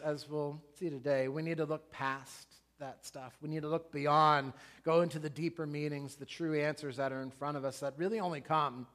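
A middle-aged pastor with a slightly high voice preaches a sermon. He tells a lively story and talks straight to his congregation in a relaxed, conversational way.

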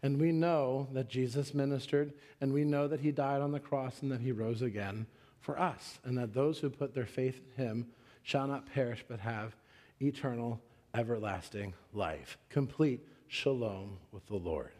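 A man's voice: normal speed, darkish tone. A middle-aged man preaching a sermon as pastor, telling a story and acting out the quotes in it. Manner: storytelling, acts out quotes with raised pitch.

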